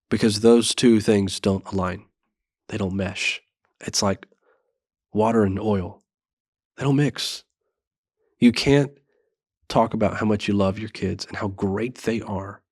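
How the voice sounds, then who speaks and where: Man in his thirties, low voice, earnest and measured, dry close sound; parenting show host. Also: no room sound. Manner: earnest, measured, self-reflective. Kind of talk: reflective monologue.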